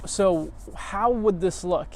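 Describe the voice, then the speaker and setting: A man's voice: sits high, slow pace. A man giving a casual, earnest sermon, talking conversationally with frequent restarts.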